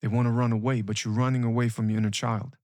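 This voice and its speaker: A man speaks as a coach, pressing his points with urgent conviction and repeating key phrases over and over. His voice sits at an ordinary middle pitch. The sound is dry and close, with no room around it. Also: level tone, quick pace, a little mellow, no echo. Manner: emphatic, repetitive, urgent. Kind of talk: motivational coaching talk.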